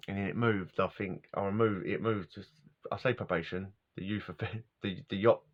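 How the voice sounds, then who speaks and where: Middle-aged man vlogging, lowish voice, wandering casual chat, muffled lo-fi recording. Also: steady tone, moderate pace. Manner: casual and wandering, laughs often, loses his words. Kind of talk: rambling personal storytelling. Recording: dull lo-fi recording.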